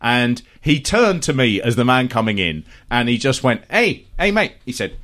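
A man's voice: medium pitch, very animated, fairly bright tone. A man co-hosting a podcast, joking and laughing often in casual chat. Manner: quick-witted, jokey, laughs often. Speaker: podcast co-host.

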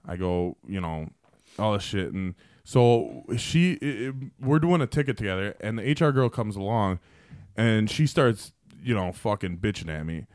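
A man's voice: lowish voice, animated, normal speed, darkish tone, no room sound, clean studio sound. Profane rambling male storyteller. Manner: profane, rambling anecdotes with many fillers. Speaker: podcast guest. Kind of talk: casual storytelling.

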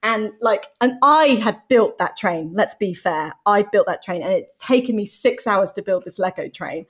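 A woman's voice: mid-range voice, normal speed, husky. A woman, a podcast guest, telling blunt, sweary stories in casual chat. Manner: blunt, sweary, animated storytelling.

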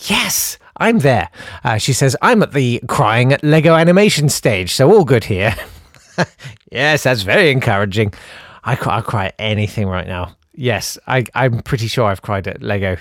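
Male podcast host, very expressive pitch, dry close-mic sound, wry and theatrical. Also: normal speed, no room sound. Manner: animated, self-deprecating, reads messages aloud with mock-dramatic voices. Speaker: podcast host reading listener messages. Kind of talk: casual chat.

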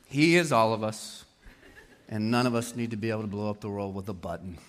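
A man preaching a sermon to a congregation in an animated way, often putting questions to his listeners. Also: lowish voice, brisk. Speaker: pastor. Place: church hall with congregation. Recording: long hall reverb.

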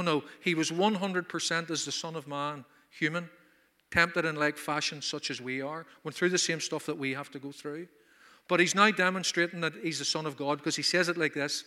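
Guy giving an emphatic sermon, pretty high voice, echoing around a big hall. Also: pushed and bright. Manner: emphatic, rhetorical questions. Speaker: preacher. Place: conference hall.

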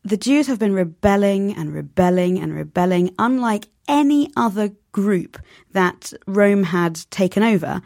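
A woman speaks as a novelist guest in an interview, lively and animated, slipping into quoted voices. Her voice carries a gravelly edge. The sound is dry and close. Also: medium pitch, unhurried, few pauses, no room sound. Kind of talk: conversational interview.

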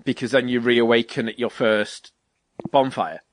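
A man's voice: medium pitch, moderate pace, dry recording. Guy ranting about games, swears a lot, acts stuff out, dry close sound. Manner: animated, swears freely, acts out quotes. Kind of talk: casual gaming chat.

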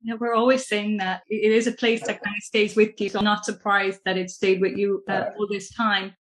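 A woman's voice: mid-range voice, level tone, a little fast, fairly bright tone, rough recording. Female co-host, conversational, mid-range voice. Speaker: podcast co-host. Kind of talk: interview questions.

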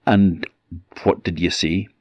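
A man's voice: deep voice, fairly even intonation, takes it slowly, no echo. A man voicing a wise old village tailor in a folk tale, grave and confiding. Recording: dull, dry recording.

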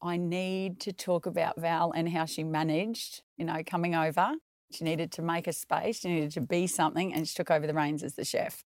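A woman's voice: fairly low pitch, flat delivery, moderate pace, no echo, studio quality. A woman, a guest on a casual recap podcast, talking in a bubbly, giggly way and blurting things out.

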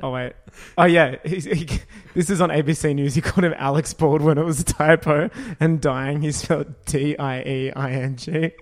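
A man's voice: fairly high pitch, fairly even intonation, moderate pace. A man co-hosting a podcast in casual chat, with dry joking asides. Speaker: podcast co-host.

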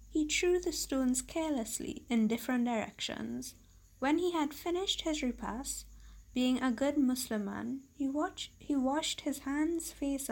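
A woman reads a classic tale aloud at a steady, measured pace. Her voice is fairly high and clear. The delivery is calm and even, like a bedtime story. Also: low-quality recording. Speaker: story reader.

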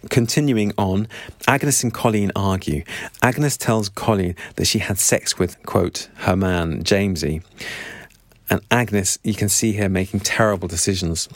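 A man's voice: fairly low pitch, unhurried, no echo. A man summarizing a novel chapter by chapter, with earnest, sympathetic asides. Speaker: book reviewer. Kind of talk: book summary talk.

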